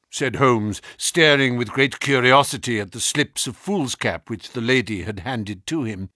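A man giving scripted narration of a story in a calm storytelling manner. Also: medium pitch, unhurried, few pauses, no room sound, clean studio sound. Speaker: audiobook narrator.

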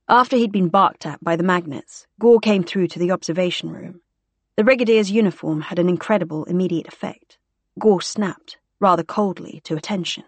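A woman narrating a novel in a measured, even reading voice. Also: on the low side, slightly rough, no echo. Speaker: audiobook narrator. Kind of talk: scripted narration.

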